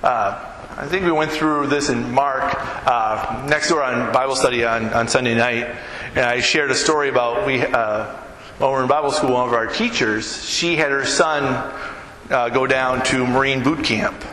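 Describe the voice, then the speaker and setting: A man's voice: mid-range voice, steady tone, normal speed, bright, forceful tone, very echoey, big-room sound, slight background noise, rough recording. A man preaching a conversational sermon as pastor, often turning to the listeners with questions.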